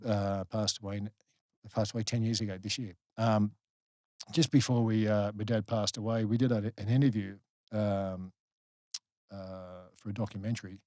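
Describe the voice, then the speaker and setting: A middle-aged Australian man, a guest on a podcast, telling a personal story candidly, halting and restarting often. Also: on the low side, darkish tone, dry recording. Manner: halting, many restarts, earnest. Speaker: guest, former rugby league player.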